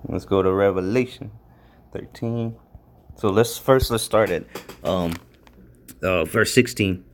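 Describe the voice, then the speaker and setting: A man's voice: fairly low pitch, measured pace, slight background noise. A man giving a casual, rambling Bible study commentary, repeating himself, often checking in with "all right?", and growing emphatic as he reads out word definitions. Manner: grows emphatic and excited while reading out definitions. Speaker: religious video commentator.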